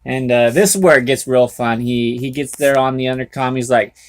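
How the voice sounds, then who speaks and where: A man's voice: medium pitch, fairly even intonation, brisk. A man who drives trucks, recounting his day in a casual, folksy, rambling way with lots of restarts, talking from home. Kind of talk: casual storytelling vlog. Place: indoors at home.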